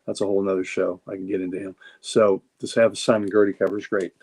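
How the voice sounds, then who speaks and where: A man's voice: deep voice, flat delivery, quick pace, a little mellow. Enthusiastic rambling male comic collector. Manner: enthusiastic, rambling, repeats words. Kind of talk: casual livestream chat showing comics.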